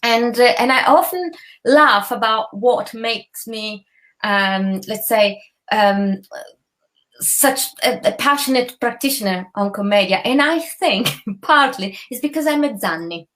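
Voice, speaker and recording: A woman's voice: a little high, a little slow, a bit bright. A woman from Turin with an Italian accent, a theatre performer chatting as a guest over a video call, laughing often and slipping into Italian. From Turin, Italy. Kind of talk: casual interview chat.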